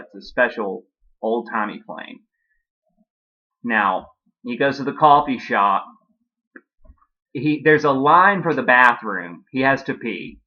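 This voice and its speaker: Guy rambling through a silly story, crude asides, average pitch, muffled lo-fi sound. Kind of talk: comedic storytelling. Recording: dull lo-fi recording.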